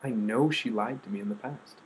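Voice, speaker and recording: A man earnestly telling a personal story, acting out quotes and trailing off into soft asides. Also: fairly low pitch, fairly quick, a little hiss or hum, poor audio. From United States. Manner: earnest, quoting others with shifts of voice, trailing off softly.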